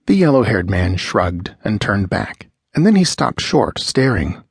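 A man narrating a pulp adventure audiobook in a measured, dramatic storytelling manner. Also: lowish voice, big pitch swings, breathy edge, no room sound, studio quality.

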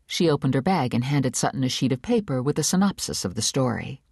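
A woman narrating an audiobook in an expressive, measured storytelling manner on a studio microphone. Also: extremely low pitch, creaky, slightly rough, dry recording. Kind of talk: scripted narration.

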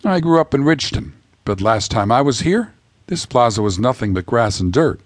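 A man reading an audiobook, voicing a dazed young woman from the fifties who speaks softly and politely. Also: medium pitch, expressive, moderate pace, dry recording, studio quality, close to an everyday voice. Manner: soft, tentative, old-fashioned politeness.

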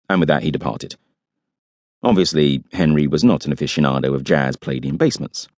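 A man's voice: very deep voice, animated, brisk, darkish tone, dry recording. A man narrating a first-person audiobook with wry, dry humour.

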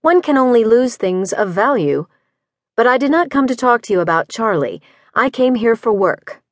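A woman's voice: fairly high pitch, animated, moderate pace, no room sound, studio quality, lightly acted. A woman as a resolute young widow. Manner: crisp, resolute, formal. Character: determined young widow applying as a detective.

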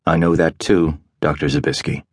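A man voicing a rich, powerful man who talks quietly, calm and commanding. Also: extremely low pitch, normal speed, slightly rough. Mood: calm, arrogant. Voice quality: quiet, soft-spoken.

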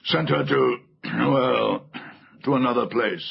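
A man's voice: mid-range voice, takes it slowly, vocal fry, slightly rough, heavily acted. A man voicing a scheming elderly uncle in a storybook reading, silky and wheedling. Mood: sly. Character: sly, scheming elderly uncle, oily and secretive. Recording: muffled audiobook recording, faint music.

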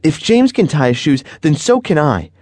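Man doing a high, eager little boy for a kids' storybook, pleading and excitable. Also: moderate pace, dry recording. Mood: excited.

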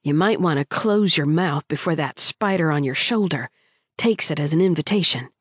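A scrawny schoolboy with a wicked grin and total confidence, teasing and half-blackmailing in a low, dry voice, as a woman narrator puts him on. He is a character in a romance audiobook, and the voice sits close and dry against the mic. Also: lively intonation, normal speed, breathy edge, dry recording.

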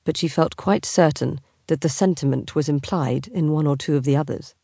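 A woman narrating an audiobook in a measured, wry manner. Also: sits low, vocal fry, mellow, dry recording, studio quality. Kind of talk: scripted narration.

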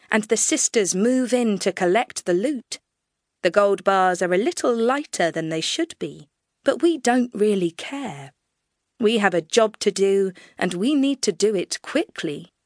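A woman reading an audiobook aloud in measured, even first-person storytelling, close to a studio mic. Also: mid-range voice, dry recording. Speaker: audiobook narrator. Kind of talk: scripted audiobook narration.

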